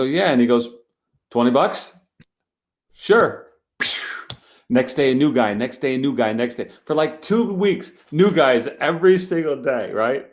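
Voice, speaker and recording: A man, a street magician, telling a story in a casual interview, acting out the other people's lines as he goes. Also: mid-range voice. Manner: animated storyteller acting out dialogue.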